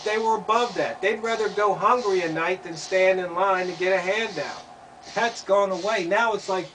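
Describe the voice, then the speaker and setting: High-voiced man ranting from a distance. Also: normal speed, a bit bright. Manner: rhetorical, asks pointed questions, repeats himself. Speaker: commentator. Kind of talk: opinion monologue. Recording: distant mic, faint background noise.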